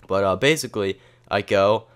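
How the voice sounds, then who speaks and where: A man's voice: fairly low pitch, moderate pace, clean tone. A man telling an improvised comedy story in a rambling, profane way, full of filler words. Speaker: comedy vlogger.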